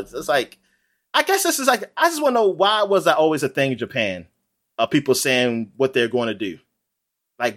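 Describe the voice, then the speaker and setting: Man, casual podcast chatter, lively swooping delivery, slightly high voice, rambling with lots of fillers. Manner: animated, rambling, frequent fillers and laughs. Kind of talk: casual chat.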